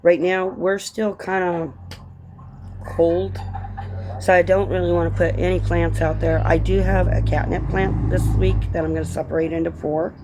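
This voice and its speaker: A woman who grew up in Colorado, talking casually in a rambling vlog chat that drifts between tangents and gentle encouragement. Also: on the low side, level tone, moderate pace, background noise. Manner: chatty, tangent-prone, encouraging. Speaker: vlogger and author.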